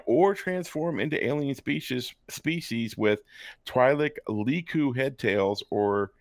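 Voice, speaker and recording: Low gravelly man, sarcastic. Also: no echo, clean studio sound. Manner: sarcastic asides while reading aloud. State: hiccups. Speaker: podcast co-host. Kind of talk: casual chat, reading and joking.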